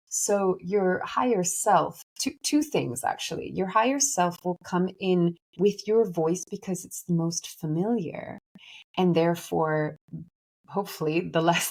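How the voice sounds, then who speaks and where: A woman's voice: lowish voice, creaky, darkish tone, slightly rough. A woman talking in a casual, reflective monologue as a spiritual reader, thoughtful and rambling, with many fillers and restarts.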